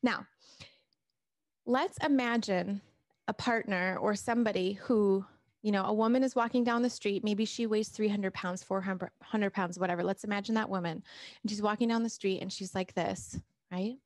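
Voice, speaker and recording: A woman's voice: medium pitch, fairly even intonation, moderate pace, no room sound, clean studio sound. A middle-aged woman talking casually to her viewers on a live stream, restarting sentences and reading out their comments as a weight loss coach. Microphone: camera mic.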